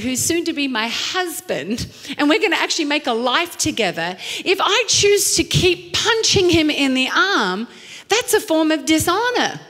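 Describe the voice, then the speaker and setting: A middle-aged woman pastor preaching a sermon, telling stories with lively acted quotes and emphatic repetition. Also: sits high. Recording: long hall reverb.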